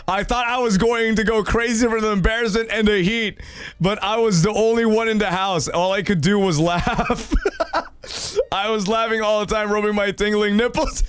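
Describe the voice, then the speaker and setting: A young man hosting a stream, reading viewer stories aloud in a loud, excitable way, swearing and laughing. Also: high voice, takes it slowly, long pauses, clean tone, dry recording. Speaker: streamer host.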